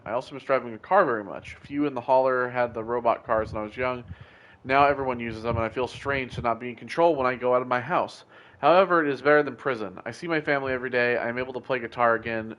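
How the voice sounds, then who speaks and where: A man voicing a grateful, humble older man freed from prison, reading in a slow, earnest, halting way. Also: medium pitch, a bit bright, dull audio, voice pushed down, lightly acted.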